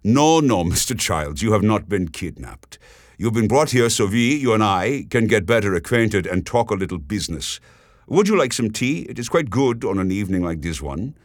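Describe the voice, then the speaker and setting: A man voicing a suave, persuasive German businessman with a German accent, speaking politely and smoothly. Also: lowish voice, sing-song, moderate pace, no room sound, studio quality, pitched above the performer's own voice. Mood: courteous.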